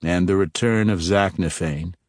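A man's voice: deep voice, a little slow, no echo, studio quality. A man voicing a sly, teasing drow rogue. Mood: probing. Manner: probing, slyly teasing.

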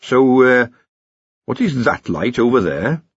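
A man's voice: mid-range voice, animated, slow, husky, dry recording, highs cut off, full character voice. A man voicing a fussy, anxious male wizard who keeps asking worried questions. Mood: uneasy.

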